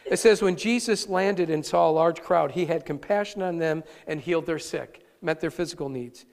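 Guy pastor preaching, kinda high voice, earnest, trips over words, echoey church hall. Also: normal speed, creaky. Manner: earnest, animated preaching with frequent restarts. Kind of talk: sermon. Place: church sanctuary, live-streamed service.

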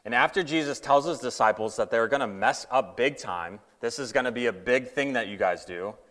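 A man's voice: medium pitch, fairly quick, a bit bright, big-room sound. A man preaching a casual sermon in a conversational way, with many fillers, acting out the quotes he tells.

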